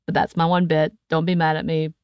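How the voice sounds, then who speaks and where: An American woman co-hosting a podcast in a casual chat, animated and laughing often, recorded close to a studio mic. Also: low-pitched, a little fast, clean tone, no echo, dull audio. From United States. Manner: chatty and animated, often laughing, breaks into put-on voices. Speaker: podcast co-host.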